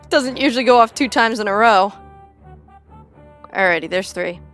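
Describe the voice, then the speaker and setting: A woman's voice: on the high side, big pitch swings, measured pace, a bit bright, faint music behind. A young woman chatting casually on a gaming livestream, rambling and joking with frequent swearing. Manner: rambling, jokey, swears freely. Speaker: streamer.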